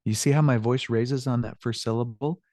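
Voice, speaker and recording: A man teaching a language class online, encouraging and quick to repeat praise. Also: medium pitch, fairly even intonation, warm tone, dry recording, clean studio sound. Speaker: Spanish teacher.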